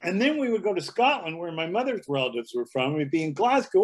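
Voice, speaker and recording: A man's voice: sits high, sing-song, fast, hardly any pauses. A man in his seventies, a guest comedian telling anecdotes in a casual interview, slipping into dialect impressions. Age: 70s.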